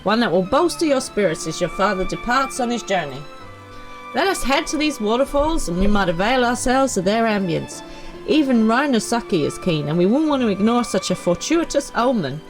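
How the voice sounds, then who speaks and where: A woman puts on a formal storyteller from a far land in a game. The lines are grand and old-fashioned, and the pitch moves in a lively way. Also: normal speed, soft background music. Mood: courtly. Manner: grand, old-fashioned phrasing, read aloud.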